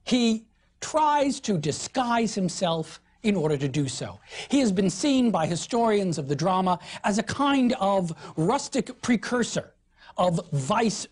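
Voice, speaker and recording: A woman lecturing on literature in an animated, expressive way, with emphatic stresses. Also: fairly low pitch, slightly rough. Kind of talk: recorded lecture.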